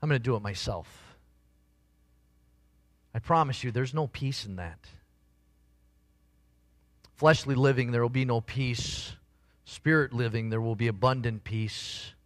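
A man's voice: mid-range voice, a little slow, long pauses, no room sound. A man preaching a sermon as a pastor, earnest and conversational, with emphatic swells.

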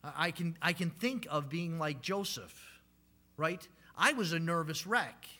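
A man's voice: a little high, lively intonation, unhurried, sharp tone. A man in his thirties preaching a sermon as a pastor, telling stories in a conversational way with frequent "right?" tags and ums.

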